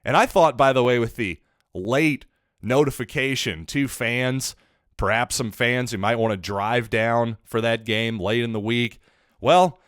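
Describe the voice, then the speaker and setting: A man hosting a solo sports podcast, talking in an animated, sarcastic way with rambling asides into a close mic. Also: medium pitch, unhurried, no echo. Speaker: podcast host.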